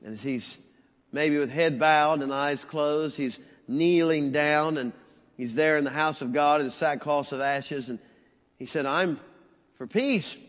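A pastor preaching a sermon, swinging from loud raised peaks down to hushed, low passages. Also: male voice, steady tone, unhurried. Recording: dull sound with long church reverb.

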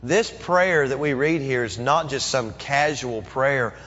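At a slow pace and with a medium-pitched, fairly bright voice, a middle-aged pastor preaches in church, dramatically enacting pleading prayers. The audio is a dull, echoey church recording.

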